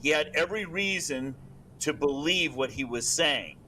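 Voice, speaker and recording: Male interview guest: bright, slightly high voice, explanatory. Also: expressive, moderate pace, slight background noise, poor audio. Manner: explanatory, stammering restarts. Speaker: guest expert. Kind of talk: casual interview.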